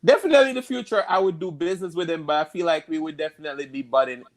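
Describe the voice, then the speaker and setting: A man's voice: a little high, racing. Jamaican man, easygoing storyteller. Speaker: guest. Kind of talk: casual interview chat.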